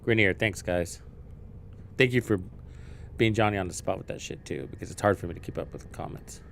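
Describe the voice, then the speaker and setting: A man live-streaming a game, chatting casually, thinking out loud and swearing freely as he learns the menus. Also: fairly low pitch, a little fast, vocal fry, slight background noise.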